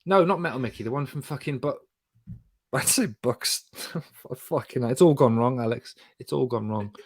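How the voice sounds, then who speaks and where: A man's voice: mid-range voice, moderate pace, breathy edge. A man with an English accent, co-hosting a podcast in casual, jokey, sweary banter. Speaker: podcast co-host.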